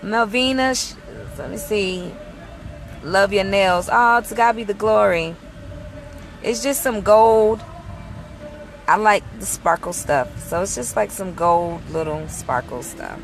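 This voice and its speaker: A woman's voice: mid-range voice, slow, soft background music. A woman ministry leader chatting casually on a livestream from a parked car outside a mall, greeting viewers by name and blessing them.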